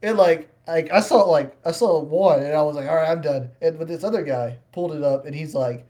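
A man's voice: fairly high pitch, fairly quick, mellow. A man co-hosting a podcast in casual chat, laid-back, laughing and swearing. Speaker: podcast co-host.

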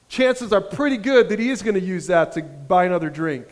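A male pastor telling a story in a sermon, animated, with frequent restarts. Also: high-pitched, fairly quick, hardly any pauses. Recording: reverberant hall.

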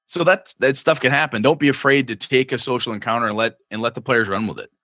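A man co-hosting a casual chat about running tabletop games, animated and slipping into quick character voices. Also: mid-range voice, no echo, studio quality. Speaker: game master podcast co-host.

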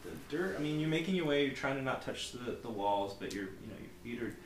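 A man narrating a tabletop game as game master, halting and hesitant, with frequent ums and restarts. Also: medium pitch, expressive, reverberant, a little hiss or hum, low-quality recording.

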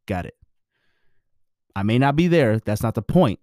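A man's voice: medium pitch, lively intonation, a little fast, dark tone, no echo, clean studio sound. A married man giving his views in a blunt, preachy, profane casual monologue.

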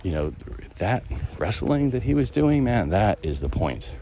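A man's voice: fairly low pitch, big pitch swings, measured pace, noisy background. A man hosting a podcast, talking in a loose, rambling reflective monologue while out walking his dog, with many fillers and restarts. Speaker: podcast host. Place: outdoors, walking a dog through a neighborhood.

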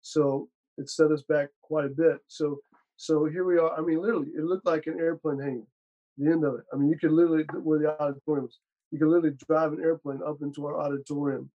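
A man's voice: on the high side, level tone, fast, dull audio. A man who is a pastor, talking with fervent, preacherly conviction in casual conversation, repeating words as he speeds up.

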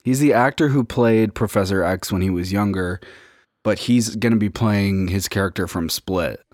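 A man co-hosting a podcast in casual chat, rambling and halting with lots of fillers. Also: lowish voice, a little mellow, dry recording, clean studio sound. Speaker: podcast co-host.

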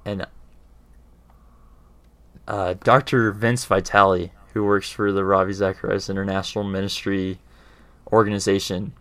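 Male speaker with a fairly low voice, earnest and conversational, explains ideas and often pauses to check in with his listener. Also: level tone, fairly bright tone, no echo. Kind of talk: casual explanatory talk.

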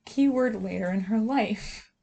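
A young woman co-hosts a podcast, recapping a TV drama in a sarcastic, giggly way and swearing freely. Her medium-pitched voice is a little slow, creaky, and mellow.

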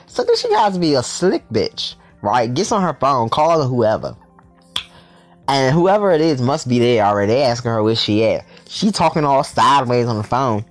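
A man's voice: mid-range voice, big pitch swings, brisk. A young man telling a story in a casual vlog, sassy and profane, with lots of energy.

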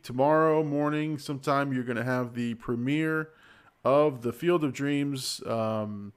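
A man in his forties hosting a casual livestream podcast, chatty and rambling, laughing often. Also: medium pitch. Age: 40s. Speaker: podcast host.

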